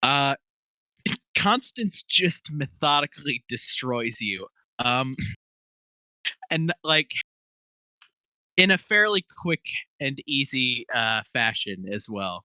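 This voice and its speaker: A man's voice: medium pitch, very animated, takes it slowly, pauses often, pushed and bright, no room sound, rough recording. A man narrating a tabletop game as game master, rambling with lots of fillers and laughing often.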